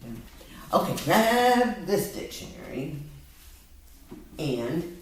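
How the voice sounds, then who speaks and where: Low-voiced woman tutor in an echoey room. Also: big pitch swings, slow pace, distant mic. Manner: patient, explains step by step. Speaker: reading and spelling tutor. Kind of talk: one-on-one phonics lesson. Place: room with a whiteboard. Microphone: laptop camera on a table.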